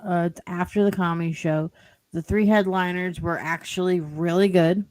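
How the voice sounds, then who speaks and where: A woman's voice: fairly low pitch, fairly even intonation, normal speed, darkish tone, no room sound. Rambling woman telling a story. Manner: rambling, with lots of "like" and "you know". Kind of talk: casual storytelling.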